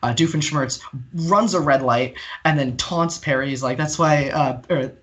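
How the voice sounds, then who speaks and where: A man's voice: a little high, moderate pace. A man co-hosting a podcast who is also a magician, retelling an episode in casual chat with many fillers. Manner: steady storytelling with many fillers.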